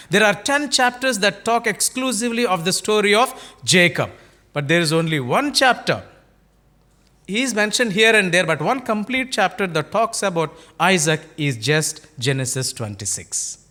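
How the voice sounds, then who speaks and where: A male pastor with an Indian English accent delivers a sermon, his voice sitting a touch high for a man. He tells stories by acting out the dialogue and keeps turning to the congregation with rhetorical questions. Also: bright, forceful tone.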